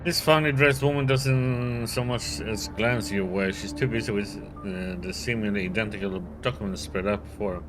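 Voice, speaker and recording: A man's voice: on the low side, normal speed, few pauses, over music. A man playing a video game, casually reading its narration aloud. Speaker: game streamer.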